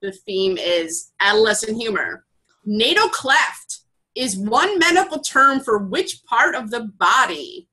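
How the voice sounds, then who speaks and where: A cheerful woman quizzing her co-host on a casual podcast, with a bright, forward voice pitched a little high. She laughs easily and apologizes when her questions land badly. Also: sing-song, unhurried, breathy edge, low-quality recording. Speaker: podcast co-host running trivia. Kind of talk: casual chat.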